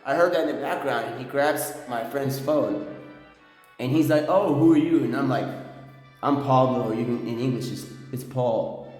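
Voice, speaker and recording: A man's voice: normal speed, darkish tone, faint music behind. Rambling man in an echoey hall. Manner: rambling, restarts, drops to low intense tone. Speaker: vlogger. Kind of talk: rambling storytime monologue.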